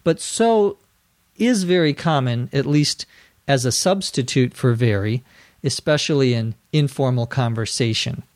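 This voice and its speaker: American guy teaching english real slow, spells stuff out, dry close sound. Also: medium pitch, darkish tone, no echo. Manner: spells out words letter by letter and repeats them slowly. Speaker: podcast host and English teacher. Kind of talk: slow, carefully enunciated teaching.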